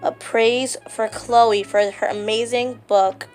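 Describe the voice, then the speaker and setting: A woman with a somewhat high voice gushes excitedly about a book in a casual vlog. She talks with lots of ums and likes, and soft music plays faintly behind her. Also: takes it slowly. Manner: gushing and excitable, with many fillers. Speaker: vlogger.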